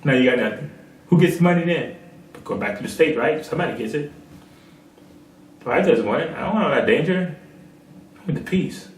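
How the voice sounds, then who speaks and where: A man's voice: on the high side, expressive, fairly quick, long pauses, a little hiss or hum. A man preaching a sermon, telling a parable and rising to emphatic peaks. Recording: echoey room, far from mic.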